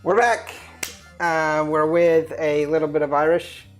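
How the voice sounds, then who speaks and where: Low-voiced teasing woman co-host. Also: steady tone, a little slow, faint music behind. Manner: teasing, laughs often. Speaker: co-host of a whiskey show. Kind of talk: casual chat.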